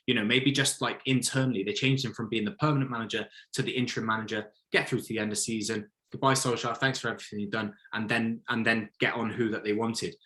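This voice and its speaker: A man giving his opinions in a casual football chat, animated and blunt, often acting out what others might say. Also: mid-range voice. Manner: opinionated, animated, mock-quotes others in put-on voices. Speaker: podcast co-host, football fan.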